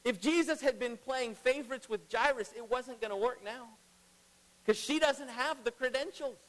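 A middle-aged man preaching a sermon as pastor, emphatic, swinging between loud and hushed. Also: very high voice, moderate pace. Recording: long reverb of a large hall.

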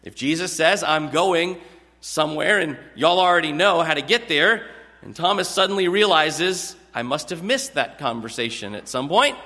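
A man's voice: on the high side, expressive, normal speed, sharp tone. A man preaching a sermon, explaining scripture earnestly and stretching out key words for emphasis. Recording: long hall reverb.

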